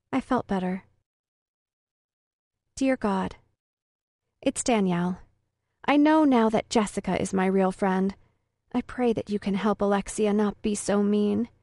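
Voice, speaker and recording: A woman's voice: mid-range voice, darkish tone, no room sound, clean studio sound. A woman narrating a first-person story in an earnest, emotional way. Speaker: audiobook narrator.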